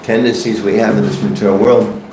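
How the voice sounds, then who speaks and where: Gravelly male scripture teacher, echoey hall. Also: lowish voice, steady tone, brisk, noisy background. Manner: conversational, joking, asks the audience questions. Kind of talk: devotional scripture class. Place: temple class hall. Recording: echoey room.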